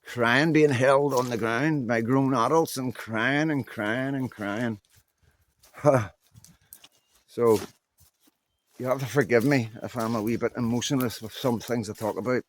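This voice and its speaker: Out walking through mud, a man in his fifties with a Northern Irish accent vlogs to camera, moving candidly and bluntly from story to story in a relaxed monologue. He speaks at medium pitch and a measured pace, pausing often, and the recording carries a slight hiss or hum.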